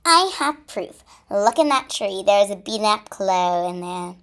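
Storybook hero: a small, plucky centipede read by a woman, earnest, unhurried. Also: medium pitch, expressive, fairly bright tone. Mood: proud. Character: small brave female centipede.

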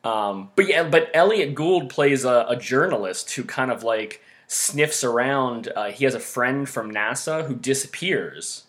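A man's voice: mid-range voice, animated, unhurried, hardly any pauses, fairly bright tone. A man co-hosting a casual movie podcast, talking with lots of fillers and frequent laughter. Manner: laughs often, many fillers. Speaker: podcast co-host.

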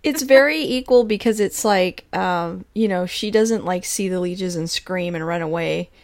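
A woman's voice: lowish voice, moderate pace, a little mellow, no echo, clean studio sound. A woman in casual conversation about a film, laughing often and acting out characters' lines as she retells scenes. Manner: chatty, laughs often, acts out quoted lines.

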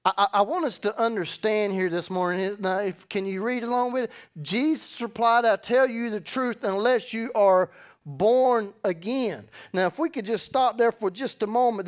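Emphatic male pastor preaching a sermon. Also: sits high. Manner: emphatic, conversational preaching with repeated words. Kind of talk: sermon with scripture reading. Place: church service.

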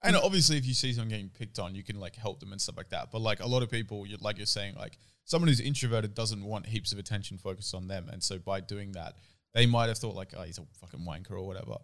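A man's voice: on the low side, quick pace, a bit bright. A man, co-hosting a podcast and telling a story in casual chat with lots of swearing. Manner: swears freely, laughs, acts out voices in stories. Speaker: podcast co-host.

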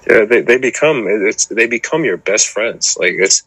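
Podcast guest: low-pitched man, husky, dry recording, loose rambling talk. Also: animated, normal speed, a bit bright, no echo, low-quality recording. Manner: rambling, full of "you know" and restarts. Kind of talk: casual chat.

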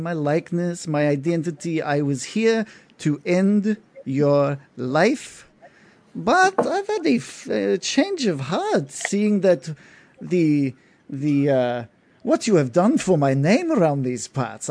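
Man playing a vain half-elf noble bard, raised pitch, haughty and theatrical. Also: a little mellow, full character voice.

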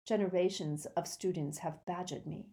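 Haughty woman ghost, voiced by a woman narrator: cool, stiff, mellow and low. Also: normal speed, natural voice. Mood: disdainful. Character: haughty, proud woman ghost, cold then confessing. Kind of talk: audiobook character reading.

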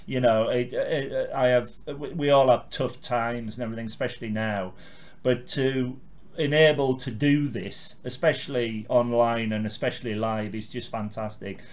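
A man from England hosting a podcast interview over a video call, warm and quick to agree. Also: medium pitch, steady tone. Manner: warm, frequent agreeing yeahs. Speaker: podcast host. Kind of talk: casual chat.

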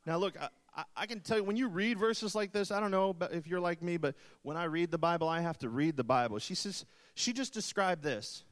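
High-voiced man preaching with playful asides. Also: a little fast. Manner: playful, joking asides to the audience. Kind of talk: sermon to a live congregation. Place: church hall with an audience.

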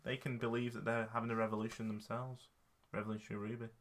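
A man's voice: on the low side, little pitch movement, fast talker. Playful young man on a podcast. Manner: playful, rambling, laughs often. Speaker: podcast co-host. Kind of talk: casual chat.

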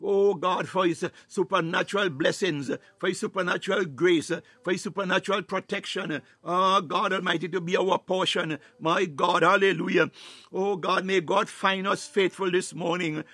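A man preaching a fervent sermon, filling every pause with "my God" and "hallelujah" and sometimes breaking into tongues and shouts. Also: high-pitched, steady tone, slightly rough, no echo. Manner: bursts into tongues, rising to shouts.

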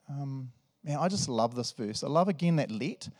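Animated New pastor preaching. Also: male voice, medium pitch, moderate pace. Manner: animated, jokey, swings between loud and soft. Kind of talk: sermon. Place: church service.

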